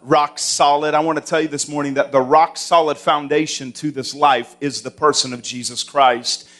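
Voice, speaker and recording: A pastor preaching a sermon in a church, with a loud voice that carries and builds to fervent declarations. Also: male voice, fairly high pitch, flat delivery, normal speed. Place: church sanctuary.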